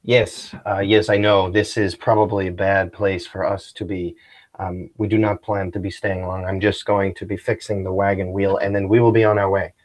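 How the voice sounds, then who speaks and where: Dude playing a jumpy, super polite settler dad, stiff broken english, low voice. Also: male voice, flat delivery, normal speed, natural voice. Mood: nervous. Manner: formal, nervous broken English. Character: polite, anxious foreign wagon-driver father.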